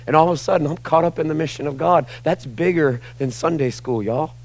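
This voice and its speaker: A man's voice: fairly high pitch, brisk, a little mellow. A pastor in his forties preaching a sermon to his congregation in a casual, conversational way, often saying "like" and "y'all". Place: church sanctuary with a congregation.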